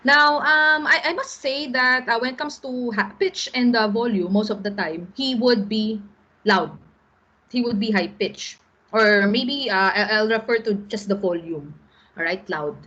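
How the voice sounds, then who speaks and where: A middle-aged woman teacher with a Filipino accent, her voice a little husky and pitched fairly high. She lectures patiently to an online class, pausing often to check that her students follow. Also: pushed and bright, dull audio. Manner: explains patiently, often checks in with "all right?".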